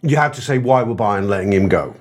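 A man hosting a casual football podcast, excitable and sweary, often laughing and jumping up in pitch as he gets carried away. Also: fairly quick. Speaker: podcast host.

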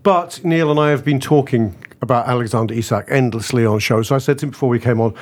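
A man's voice: medium pitch, lively intonation, brisk. A man hosting a casual football podcast. He chats, corrects himself and laughs often. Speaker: podcast host.

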